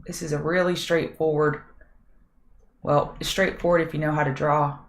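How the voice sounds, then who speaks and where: A woman's voice: low voice, little pitch movement, normal speed. A middle-aged woman hosting a live market prep show, chatting with viewers and thinking aloud over charts, her voice a bit scratchy. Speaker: trading show host.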